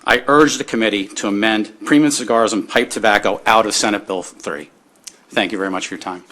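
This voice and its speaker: A man's voice: lowish voice, brisk, bright, forceful tone, slight background noise. A man, a business owner, giving firm and formal prepared testimony at a hearing.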